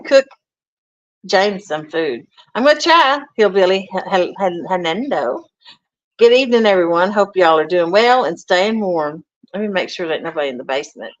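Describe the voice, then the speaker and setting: A woman hosting a casual livestream from a home kitchen, greeting viewers and reading out their comments in a folksy, chatty way. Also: mid-range voice. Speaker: livestream host. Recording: dull lo-fi stream audio.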